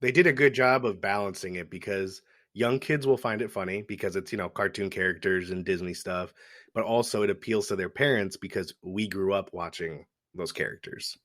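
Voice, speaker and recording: Easygoing low-voiced male podcaster. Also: brisk, a bit bright, no echo, clean studio sound. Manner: easygoing, recounting scenes with laughs. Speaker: podcast co-host. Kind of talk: casual movie-review chat.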